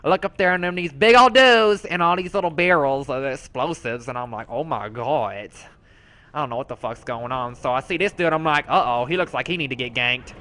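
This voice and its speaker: A man's voice: mid-range voice, a little fast, pushed and bright, close to an everyday voice. A man voicing a sassy, foul-mouthed rogue character, telling a brash, slangy, profane story as comedic commentary.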